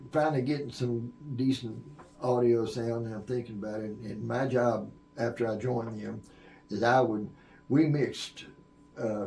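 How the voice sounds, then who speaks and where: A man's voice: medium pitch, vocal fry, dark tone, distant mic, a little hiss or hum. An older man, a veteran sound engineer, telling long anecdotes in a podcast interview, rambling with fillers and restarts. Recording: echoey room.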